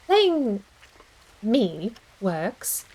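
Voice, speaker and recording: A woman streams a video game, chatting casually and thinking aloud in a rambling, self-deprecating way. Her medium-pitched, slightly mellow, husky voice swings widely in pitch and draws out words, on a low-quality recording.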